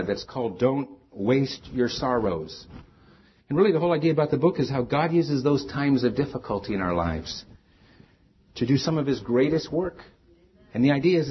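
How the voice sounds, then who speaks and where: A man's voice: mid-range voice, breathy edge, muffled recording. A man preaching a sermon as pastor, earnest and rising to emphatic peaks.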